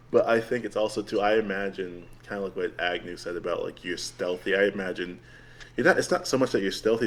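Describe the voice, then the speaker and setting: A man chatting casually about a tabletop game as a player, rambling with lots of "like" and frequent laughs. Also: fairly low pitch. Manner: rambling, heavy use of "like", laughs often. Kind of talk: casual post-game chat.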